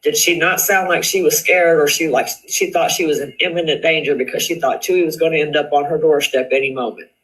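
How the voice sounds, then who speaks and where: A man hosts a live stream and walks through social media drama in casual commentary. His voice sits slightly high and sounds very bright. He reads posts aloud and hammers a point by asking the same question again. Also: steady tone, brisk, hardly any pauses, rough recording. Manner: reads screenshots aloud, repeats questions for emphasis.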